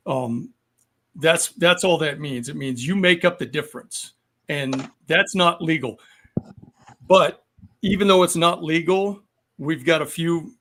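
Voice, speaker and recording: A man in his sixties, a military veteran guest, explaining things in a measured way with frequent pauses. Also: on the high side, fairly bright tone, slight background noise. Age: 60s. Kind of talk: podcast discussion.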